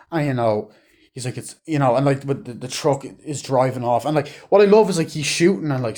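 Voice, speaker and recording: A man giving a casual movie review, rambling excitedly, swearing often and retelling scenes. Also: medium pitch.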